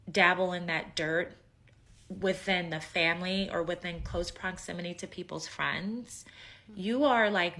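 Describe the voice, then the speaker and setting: Woman commentator, bright voice, emphatic, judging, lowish pitch. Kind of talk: reaction commentary.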